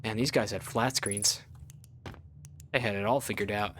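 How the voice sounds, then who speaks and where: A man's voice: fairly low pitch, fairly even intonation, normal speed, fairly bright tone, a little hiss or hum. A man giving casual gameplay commentary as he plays, thinking aloud and rambling with lots of filler words. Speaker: let's play gamer.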